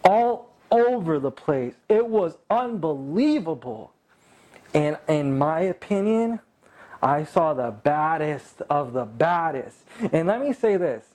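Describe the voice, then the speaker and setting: A man from California telling a casual anecdote in a boastful, profane, animated way. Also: fairly high pitch. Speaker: storyteller.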